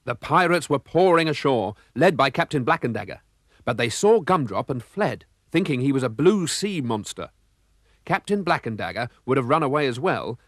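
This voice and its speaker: A man narrates a storybook cartoon in a lively, expressive way. His pitch is average for a man but moves a great deal through each sentence. The recording is dry and close. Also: normal speed, no echo.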